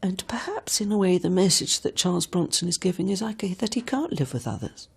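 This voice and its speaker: A woman reflecting slowly and thoughtfully as a psychologist in an interview. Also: fairly low pitch, sing-song, creaky, husky. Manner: slow, thoughtful.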